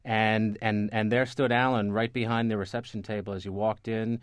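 A man, a newspaper reporter, telling anecdotes in a relaxed interview, full of restarts, fillers and repeated words. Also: lowish voice, normal speed, clean tone, dry recording. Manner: rambling, many restarts and fillers. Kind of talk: conversational interview storytelling.

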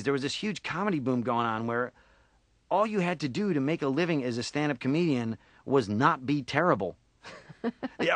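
A man's voice: on the high side, fairly bright tone, no echo. A man in his forties, a voice actor, chatting playfully and laughing often in a radio interview. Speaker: voice actor guest. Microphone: studio microphone.

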